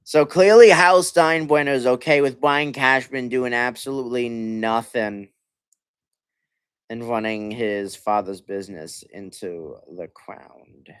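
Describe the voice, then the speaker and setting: A hoarse young man ranting as a sports livestream host, stammering and sighing, swinging between muttered complaints and loud outbursts. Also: mid-range voice, unhurried. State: hoarse from yelling. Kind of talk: frustrated fan rant on a livestream.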